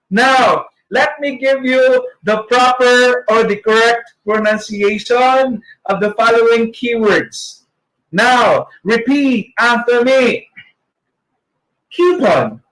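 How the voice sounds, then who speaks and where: A man from the Philippines with a Filipino accent runs an online literacy training lecture, exaggerating his articulation as he models sounds and joking playfully. His voice is very high-pitched and a bit bright, and the recording is rough.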